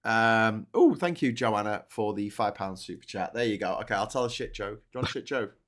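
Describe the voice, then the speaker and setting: A man's voice: on the low side, brisk, fairly bright tone. A British man co-hosting a live news stream in casual chat, rambling, restarting his sentences and cracking jokes. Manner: rambling, self-correcting, jokey.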